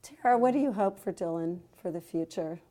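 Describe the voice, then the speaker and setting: A woman's voice: fairly low pitch, lively intonation, a little fast, mellow. A woman interviewing guests, asking hesitant questions full of fillers.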